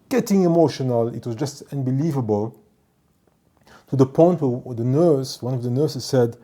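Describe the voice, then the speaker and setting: A man telling a story from his work as a ship's doctor and department head, in a measured, emphatic way that repeats points for stress. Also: mid-range voice, dark tone. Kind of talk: storytelling monologue.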